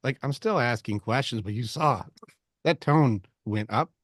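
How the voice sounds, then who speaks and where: A man's voice: medium pitch, a little slow, no room sound, studio quality. A man hosting a men's group talk, coaching casually and swearing as he goes. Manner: animated, swears often, acts out voices in quotes. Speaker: host leading a men's group discussion.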